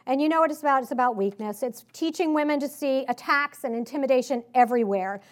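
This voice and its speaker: A woman with a slight Southern accent giving a political speech to a live audience, emphatic and sarcastic, full of rhetorical questions. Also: sits high. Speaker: conference speaker. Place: conference hall.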